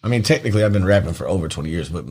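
A husky-voiced man talks in a casual podcast chat. His pitch jumps around a lot as he swears, jokes and laughs. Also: racing. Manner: animated, profane, laughs often. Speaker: rapper guest.

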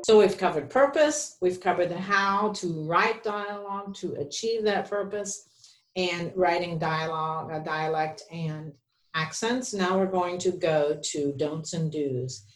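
Low-voiced woman in an echoey room. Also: unhurried, soft background music. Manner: explanatory, gives rules of thumb. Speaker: podcast co-host. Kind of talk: conversational teaching about writing.

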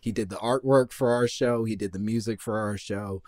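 A man's voice: on the low side, steady tone, moderate pace, a little mellow. A man hosting a comedic podcast in casual chat, playful and mock-grandiose, riffing in exaggerated voices. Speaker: podcast host.

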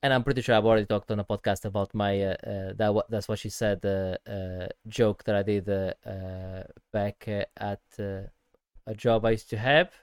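A man's voice: fairly low pitch, steady tone, normal speed, clean tone, no echo. A man telling a story on a casual podcast. He rambles, restarts his sentences and fills the gaps with "uh." The sound is very dry and close, with no room around it. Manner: rambling storyteller, many "uh"s and restarts, laughs at own jokes.

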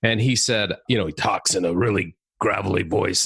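A man chatting as a podcast guest, telling lively stories and laughing often. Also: sits low, brisk, gravelly, no room sound, clean studio sound. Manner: animated storyteller, laughs often. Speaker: podcast guest, comedy consultant. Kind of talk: casual interview chat.

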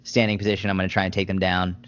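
A man's voice: low-pitched, little pitch movement, rapid-fire, a bit bright, clear, resonant tone. A man who is a fitness coach, a guest on a podcast, talking earnestly and using "like" a lot. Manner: earnest, filler-heavy with "like". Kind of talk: casual podcast chat. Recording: dull lo-fi podcast audio.

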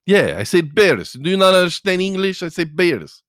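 A man's voice: sits high, very animated, normal speed, fairly bright tone, no room sound, studio quality, voice pushed up. A man voicing a Russian male trucker with a Russian accent and broken English. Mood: exasperated. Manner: broken English, insistent and exasperated. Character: gruff Russian male trucker hauling bears.

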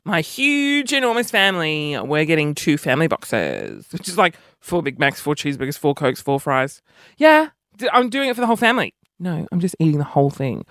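A man's voice: on the high side, huge pitch swings, brisk, a bit bright, no echo, studio quality. A man with an Australian accent, chatting in a rambling, self-mocking vlog monologue that jumps between topics. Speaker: vlogger. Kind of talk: casual monologue to camera.

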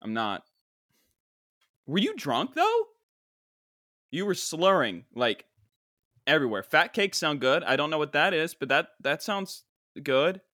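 A man's voice: fairly high pitch, normal speed, no room sound, clean studio sound. Incredulous young man hosting a podcast. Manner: incredulous, animated, mock-exasperated. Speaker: podcast host. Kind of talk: casual comedic reaction.

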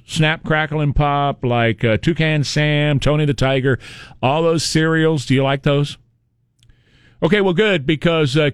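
A man's voice: mid-range voice, dry recording. A man hosting an opinionated commentary monologue from the United States, sarcastic and mocking, full of rhetorical questions. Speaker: political commentary host.

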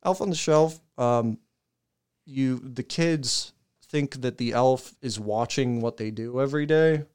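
A young man on a podcast, telling a long profane story in a casual, animated way and laughing as he goes. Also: medium pitch, unhurried, clean tone. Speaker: podcast co-host.

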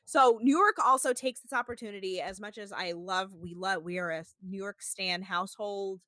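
Bright-voiced woman, animated podcast co-host. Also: mid-range voice, moderate pace, dry recording. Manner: animated, swearing, acts out quotes in exaggerated voices. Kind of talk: casual recap chat.

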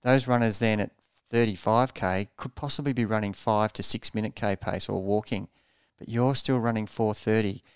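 A man's voice: lowish voice, steady tone, moderate pace, clear, resonant tone, no echo, studio quality. A man coaching triathletes in a podcast interview, explaining pace earnestly and repeating words as he thinks.

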